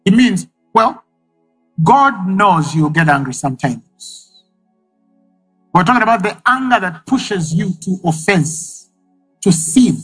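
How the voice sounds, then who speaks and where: A man's voice: high voice, expressive, slow pace, pauses often, a bit bright, husky, faint music behind, poor audio. A man preaching a sermon, emphatic and repeating key phrases for effect.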